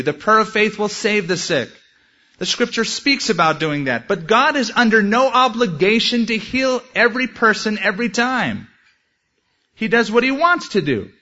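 A man's voice: high voice, pushed and bright. Earnest preacher man, lo-fi recording. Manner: earnest preaching with quoted prayers and scripture. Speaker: pastor. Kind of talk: sermon. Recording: dull lo-fi sermon recording.

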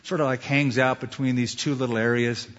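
A man's voice: mid-range voice, steady tone, a little fast, a bit bright. A male pastor preaching a sermon in a conversational way, often putting questions to the listeners. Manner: conversational, asks the audience questions. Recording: dull lo-fi sound.

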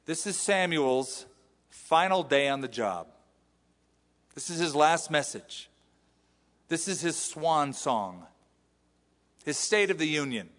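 A male pastor giving an animated sermon, acting out the quotes he reads. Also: fairly high pitch, slow pace, pauses often, in a large hall. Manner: animated preaching with acted-out quotes. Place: church sanctuary.

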